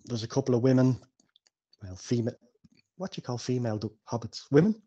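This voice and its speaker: A man running a tabletop game as game master, narrating in a relaxed, rambling way. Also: medium pitch, fast talker, slightly rough, muffled recording. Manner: relaxed, rambling with fillers like "kinda".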